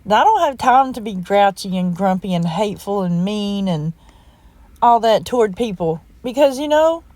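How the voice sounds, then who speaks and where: A middle-aged woman talks in a loose, rambling, folksy way. She is heartfelt and chatty, like someone telling a family story over coffee. Her voice sits at an ordinary, middle pitch for a woman. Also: expressive, normal speed, darkish tone, no room sound. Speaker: crafting vlogger.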